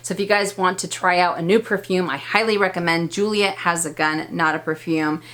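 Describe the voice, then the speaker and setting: A woman's voice: fairly low pitch, fairly even intonation, brisk, a bit bright. A woman in her thirties giving a casual, chatty product review as a vlogger, enthusiastic and full of fillers. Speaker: beauty vlogger.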